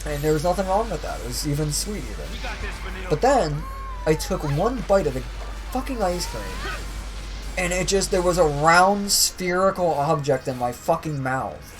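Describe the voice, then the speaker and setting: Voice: medium pitch, lively intonation, normal speed, music in the background, low-quality recording. Young streamer ranting with profane exasperation. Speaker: streamer playing a video game. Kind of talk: casual ranting commentary while gaming.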